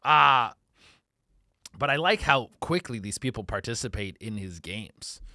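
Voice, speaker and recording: Animated profane comedian, lively voice. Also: male voice, medium pitch, unhurried, no room sound, studio quality. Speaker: comedian reacting to clips. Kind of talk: casual reaction commentary.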